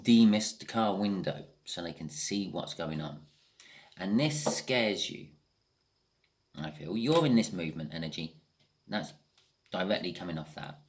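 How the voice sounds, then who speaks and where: A man's voice: deep voice, expressive, a little slow, long pauses. A man giving a casual tarot reading, thinking aloud with frequent restarts and the odd swear word. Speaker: tarot reader.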